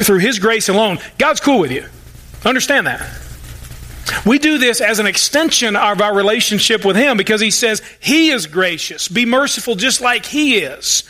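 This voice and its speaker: A man's voice: sits high, pushed and bright. A male pastor preaching a sermon, folksy and emphatic, with joking asides and mock-sarcastic quotes.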